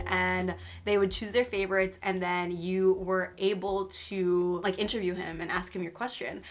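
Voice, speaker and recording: A woman's voice: lowish voice, little pitch movement, moderate pace, few pauses, faint music behind. A woman in her twenties telling embarrassing fan stories in a casual vlog, self-mocking and dramatic, swearing casually. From Canada. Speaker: vlogger.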